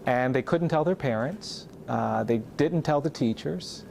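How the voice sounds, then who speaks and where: A man explaining civil rights history in a measured, admiring way, with frequent fillers. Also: mid-range voice, gravelly, a little mellow, slight background noise. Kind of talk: explanatory talk.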